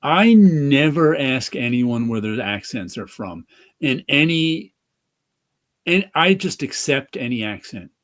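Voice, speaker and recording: A man's voice: medium pitch, big pitch swings, slow pace, fairly bright tone. A man with a New York accent chatting casually on a podcast, rambling with many restarts. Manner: rambling, with restarts and light laughs. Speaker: podcast co-host. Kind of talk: casual chat.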